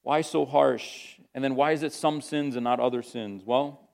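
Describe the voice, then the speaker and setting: A pastor teaching a sermon through a Bible passage in a conversational, thoughtful way, with frequent fillers and restarts. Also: male voice, medium pitch, normal speed, darkish tone.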